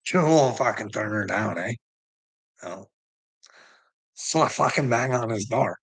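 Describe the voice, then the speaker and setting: A man's voice: fairly low pitch, lively intonation, unhurried, slightly rough. A middle-aged man, ranting agitatedly in a personal vlog, swearing constantly with bitter laughs. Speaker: vlogger.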